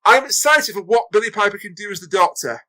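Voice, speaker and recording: A man's voice: high-pitched, lively intonation, fast talker, sharp tone, low-quality recording. A man co-hosting a casual review podcast, earnest and emphatic in his opinions. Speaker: podcast co-host. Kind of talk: casual chat.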